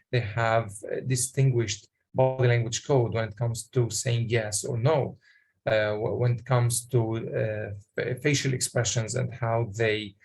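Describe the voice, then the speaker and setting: A man presenting a workshop, explaining in a halting way with many pauses and questions to the audience. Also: mid-range voice, creaky, a little mellow.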